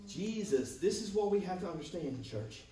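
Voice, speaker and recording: A man preaching a sermon as pastor, calling "Amen?" to his congregation and swinging between loud bursts and quiet, low passages. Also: big pitch swings, normal speed, faint music behind. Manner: preaching with frequent "Amen?" call-outs to the congregation. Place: church sanctuary with congregation. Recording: echoey room, voice from far off.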